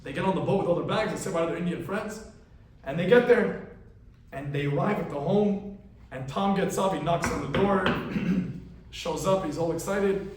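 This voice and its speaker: A man, a rabbi giving a weekly class, telling a parable as a lively storyteller who acts out the characters. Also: sits high, moderate pace. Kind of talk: storytelling sermon. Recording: very echoey room, voice from far off, faint noise.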